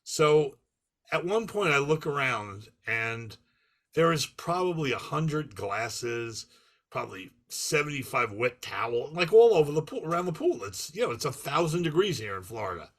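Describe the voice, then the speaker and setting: A man's voice: on the high side, big pitch swings, moderate pace. A man, a podcast co-host, rambling through a story in casual chat. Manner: rambling anecdote teller.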